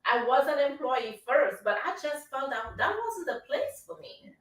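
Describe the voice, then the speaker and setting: A woman's voice: high-pitched, expressive, moderate pace, a bit bright, far from the mic. A woman from Trinidad, hosting a radio talk show and giving an emphatic, preachy motivational talk. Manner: emphatic, preachy, keeps asking "you understand?". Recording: roomy sound from off the mic.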